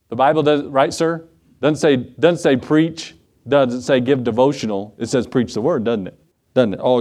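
A pastor delivers a sermon in a church sanctuary in a mid-range, slightly mellow voice. He's conversational, tossing in asides and putting questions to the congregation.

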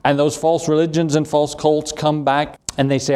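A man's voice: a little high, level tone, moderate pace, hardly any pauses, a little mellow. Folksy preaching man. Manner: folksy storytelling, reads Scripture aloud and repeats key phrases. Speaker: pastor. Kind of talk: sermon.

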